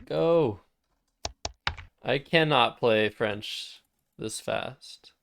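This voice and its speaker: Slow-talking gravelly male streamer. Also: medium pitch, noisy background. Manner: chatty, thinks aloud while playing. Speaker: streamer and Scrabble player. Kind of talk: casual live-stream commentary.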